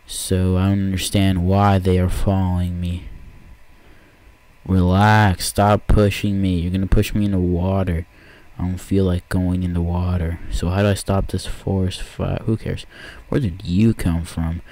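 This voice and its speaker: Excitable man yelping through a game. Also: low-pitched. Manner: excitable, yelps and exclaims at the game. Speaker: let's player. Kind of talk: let's play commentary.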